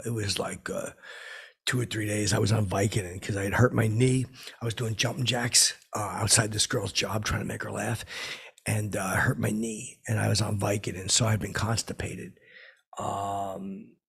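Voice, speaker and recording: A man's voice: fairly low pitch, gravelly, husky. A middle-aged man hosting a comedy podcast, telling a rambling comic story full of fillers and profanity.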